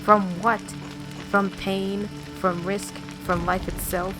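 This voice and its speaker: A woman's voice: medium pitch, flat delivery, slow pace, natural voice. A woman reading the lines of a solemn spirit of a fading dream court in a story game, over game music.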